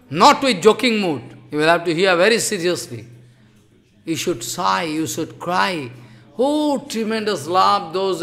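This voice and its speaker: A man giving an impassioned devotional sermon in English, scolding loudly one moment and dropping to hushed asides the next. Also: sits high. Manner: impassioned, scolding, swings between loud outbursts and hushed asides; non-native English with broken grammar. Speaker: spiritual teacher.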